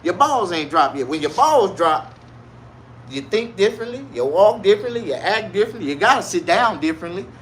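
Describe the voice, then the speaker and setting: Guy going off on a crude comic rant, high bright voice, bit of hiss behind. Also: fairly quick. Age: 40s. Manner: loud, crude, animated street slang. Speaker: vlogger. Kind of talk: casual comedic rant to camera.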